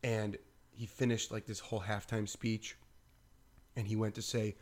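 A man's voice: on the low side, normal speed. A man co-hosting a podcast, telling stories casually and animatedly, saying "like" often. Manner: animated, acts out quotes, says "like" often. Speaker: podcast co-host. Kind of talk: casual storytelling chat.

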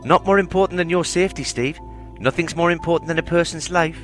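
A man's voice: a little high, quick pace, fairly bright tone, voice pushed up, natural voice. A man reading aloud, voicing a worried young woman who pleads with her partner, over faint music. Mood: pleading.

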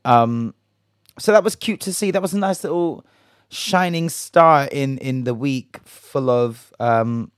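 A man's voice: medium pitch, takes it slowly, clean tone, no echo, clean studio sound. A man hosting a casual solo gossip podcast, chatty and jokey, swearing and rambling, a little tipsy. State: a bit tipsy. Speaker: podcast host.

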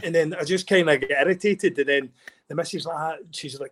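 A Scottish man, a former rugby player, chatting as a guest, excitable and animated, often repeating and restarting words. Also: a little high, brisk, noisy background. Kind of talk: casual chat.

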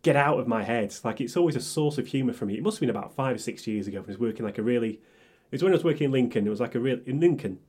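A man's voice: medium pitch, rapid-fire, slightly rough. A young man, co-hosting a podcast and telling workplace stories with lots of swearing and acted-out quotes. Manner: animated, swears freely, acts out quotes. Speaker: podcast co-host. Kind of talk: casual storytelling chat.

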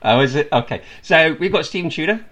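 A man's voice: a little high, lively intonation, fairly quick, fairly bright tone. A man in his forties hosting a podcast, chatty and teasing, with plenty of filler uhs. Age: 40s. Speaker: podcast host. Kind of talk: casual chat.

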